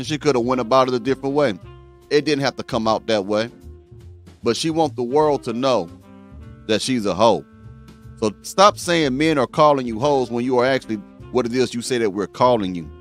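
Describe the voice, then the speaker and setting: Male host doing reaction commentary, blunt and preachy, mid-pitched voice.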